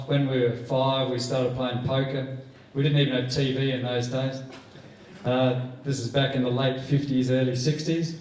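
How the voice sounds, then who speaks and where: Older Australian man telling stories, echoey. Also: a little mellow. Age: 60s. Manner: rambling anecdotal storytelling, jumps up high to act out quoted people. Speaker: stand-up comedian. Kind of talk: stand-up poker stories. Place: club function room. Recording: echoey room heard from a distance.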